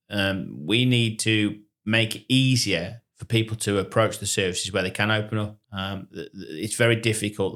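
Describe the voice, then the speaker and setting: A man co-hosting a podcast, chatting in a relaxed, reflective way. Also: lowish voice. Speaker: podcast co-host. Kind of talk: casual chat.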